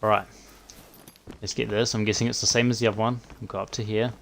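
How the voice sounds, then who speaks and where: A man live streaming a hunting game, chatting casually and often dropping to a quiet mutter. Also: fairly low pitch, flat delivery, fast, gravelly, slight background noise. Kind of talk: casual gameplay commentary.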